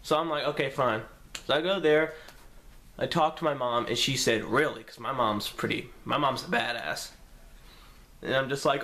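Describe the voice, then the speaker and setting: A young man vlogging a story to camera in a casual, profane, animated way, acting out what each person said. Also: moderate pace. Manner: animated, profane, acts out quotes with pitch jumps.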